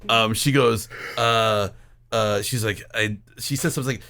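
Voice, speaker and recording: A man's voice: medium pitch, moderate pace, creaky. A man co-hosting a podcast, telling stories in casual chat with lots of swearing. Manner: animated, swearing storyteller. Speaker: podcast co-host.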